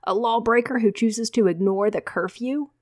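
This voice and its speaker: A woman's voice: fairly high pitch, moderate pace, a little mellow, no echo, studio quality, voice pushed up, close to an everyday voice. A woman voicing an arrogant, judgmental male soldier villain as she reads a storybook aloud. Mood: gloating.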